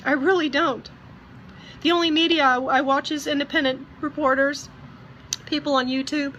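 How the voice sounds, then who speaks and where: High, bright-voiced earnest woman vlogger. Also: fairly even intonation, lo-fi sound, slight background noise. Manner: earnest, emotional, halting. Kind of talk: personal video message.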